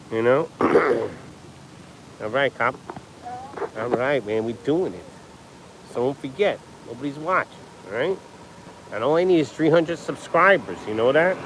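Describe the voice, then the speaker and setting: Rambling man livestreaming outdoors. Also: mid-range voice. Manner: rambling, chatty, jokey, lots of "you know what I mean". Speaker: livestream vlogger. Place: outdoors on a beach with birds and traffic. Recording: outdoor background noise.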